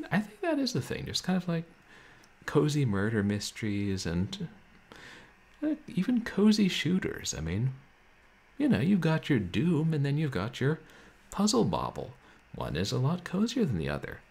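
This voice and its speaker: A man streaming a game and chatting with viewers in a laid-back, wry way, with a soft, somnolent voice and frequent chuckles. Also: fairly low pitch, creaky. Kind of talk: casual chat with stream viewers. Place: home room, roommates nearby.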